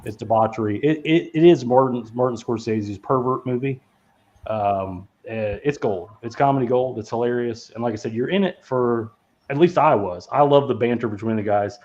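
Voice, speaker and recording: A man's voice: mid-range voice, normal speed, darkish tone. A man hosting a podcast, chatting casually about movies in a rambling, profane way, laughing often and full of fillers and restarts. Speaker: podcast host. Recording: dull lo-fi sound.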